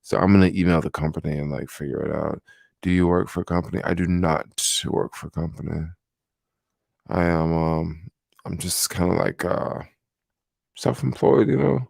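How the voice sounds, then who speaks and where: A tired young man hosting a casual late-night livestream, rambling and relaxed with many fillers, talking into a desk microphone at home. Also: sits low, normal speed, creaky, no room sound, studio quality. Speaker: livestream host. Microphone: desk microphone without headphones.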